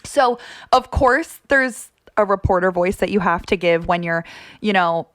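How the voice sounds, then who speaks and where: A woman's voice: mid-range voice, a little slow, fairly bright tone. A young woman, a sports broadcaster, chatting casually as a podcast guest in an upbeat, talkative way, laughing easily.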